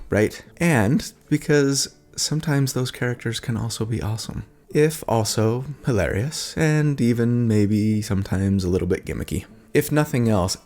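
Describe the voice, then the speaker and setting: Male channel host with a deep, low voice; earnest, chatty rules explainer who keeps checking in with listeners. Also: a little mellow. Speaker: host of a tabletop game build channel. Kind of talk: explanatory video talk.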